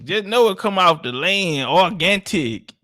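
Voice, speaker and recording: A man's voice: sits high, lively intonation, a little slow, pushed and bright, no room sound, studio quality. A man from Texas, hosting a livestream and bantering with viewers in a joking, boastful, profane way. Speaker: livestream host. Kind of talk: casual livestream chat with viewers.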